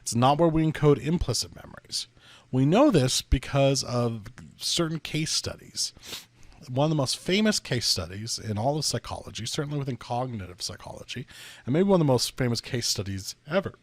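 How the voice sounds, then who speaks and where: A man's voice: mid-range voice, animated, normal speed, no room sound. A man giving a psychology lecture, weaving a case story into his explanation and checking in with "right?" along the way. His voice sits in a middle range. The recording is close and dry, with no room sound.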